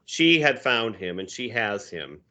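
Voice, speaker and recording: Low-voiced easygoing male podcast host. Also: sing-song, unhurried, sharp tone. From Minnesota. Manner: easygoing, chuckling storyteller. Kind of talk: casual chat, reading comic strips aloud.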